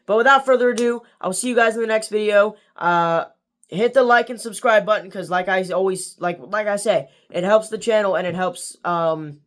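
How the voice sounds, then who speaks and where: A man with a monotone voice signing off a casual book review video, rambling with many fillers and restarts. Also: high-pitched.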